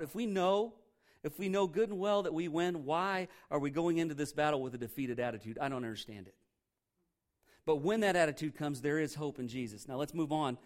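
Emphatic pastor with a fairly high voice. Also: male voice. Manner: emphatic, animated storytelling with repeated phrases. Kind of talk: sermon. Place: church.

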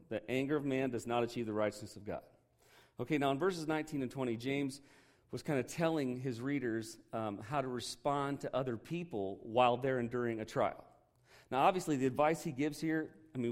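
A man teaching a Bible lesson as a relaxed, joking sermon. He talks to listeners like a friend, drops in quick asides and checks in with "okay" and "right". He slows down on the words he wants to stress, with a mid-range voice. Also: mid-range voice.

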